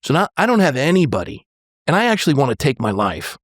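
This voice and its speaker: A man in his sixties, a pastor, telling a personal story on a podcast in an earnest, halting way, often restarting and quoting dialogue. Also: fairly high pitch, sing-song, dry recording, studio quality.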